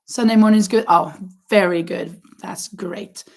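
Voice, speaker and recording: A woman's voice: fairly low pitch, fairly even intonation, moderate pace, creaky, a little mellow. A woman hosting a crochet livestream, chatting casually with viewers, with many fillers and restarts and frequent laughs. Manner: laughs often.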